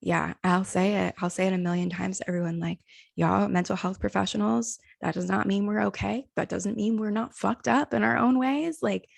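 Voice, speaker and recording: A woman's voice: medium pitch, steady tone, normal speed, vocal fry, dry recording, studio quality. A young adult woman co-hosting a podcast in casual chat, a therapist talking candidly, swearing freely and trailing off with "like".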